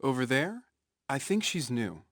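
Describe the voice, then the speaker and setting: A man plays a polite young coworker making introductions. His intonation moves lively. The recording is dry and close. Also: medium pitch, unhurried, no echo.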